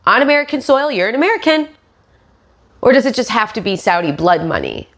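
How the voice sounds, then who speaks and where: A woman's voice: fairly high pitch, sing-song, a little fast, fairly bright tone. A woman podcast host and stand-up comic giving sarcastic, profane commentary.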